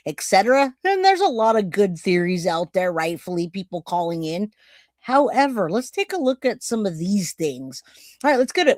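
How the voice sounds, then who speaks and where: Chatty livestream host. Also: male voice, high voice, no echo, clean studio sound. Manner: chatty, thanks donors by name. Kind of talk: casual true-crime livestream.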